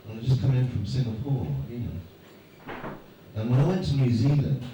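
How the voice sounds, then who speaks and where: A man's voice: mid-range voice, animated, moderate pace. A man on stage as a guest speaker, bantering with the audience and telling rambling, self-mocking anecdotes. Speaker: guest speaker at a fan event. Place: large hall before a live audience. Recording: echoey hall, distant mic, noisy.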